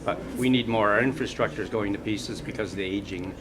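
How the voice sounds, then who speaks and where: A man and mayor asking a question, speaking quietly and hesitantly with pauses. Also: lowish voice. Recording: loud background noise.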